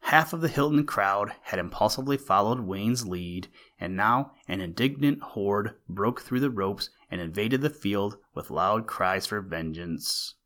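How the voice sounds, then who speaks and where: A man narrating an old-fashioned school story in a steady, expressive reading. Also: fairly low pitch, unhurried, few pauses.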